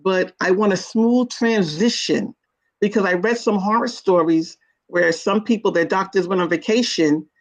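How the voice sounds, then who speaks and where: A woman's voice: medium pitch, moderate pace. A woman telling her own story as an interview guest, earnest and emotional, acting out her past words. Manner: earnest, retells her own quoted words with rising intensity. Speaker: guest sharing her kidney disease story.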